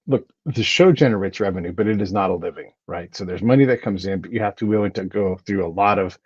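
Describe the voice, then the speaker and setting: A man hosting a podcast in casual chat, telling stories in an animated way with lots of restarts. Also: on the low side, fast talker, breathy edge, no room sound, muffled recording. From United States. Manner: animated storyteller, chatty with frequent restarts. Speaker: podcast host.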